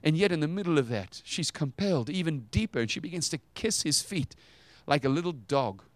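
Retelling a story with drama, this male preacher alternates between loud high outbursts and quiet low stretches. He's animated and fairly quick, recorded dry.

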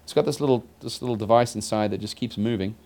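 A man's voice: fairly low pitch, fast talker, darkish tone. A man preaching a conversational sermon to a congregation in a church building, repeating his phrases and dropping joking asides to the listeners. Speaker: pastor.

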